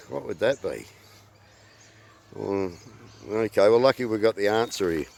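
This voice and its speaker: An Australian man in his fifties hosting his channel in casual, halting talk full of fillers, recorded outdoors. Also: fairly low pitch, creaky, a little mellow. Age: 50s. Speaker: channel host.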